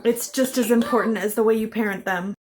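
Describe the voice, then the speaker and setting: Woman vlogger, fairly high voice, raw and heated personal storytelling with heavy swearing. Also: fairly even intonation, brisk, slight background noise. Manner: intense, bitter, heavy swearing; repeats phrases for emphasis.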